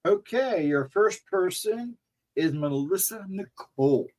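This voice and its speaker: A man's voice: high-pitched, lively intonation, takes it slowly, darkish tone. A man co-hosting a livestream, chatting casually with a rambling, laughing manner. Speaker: co-host.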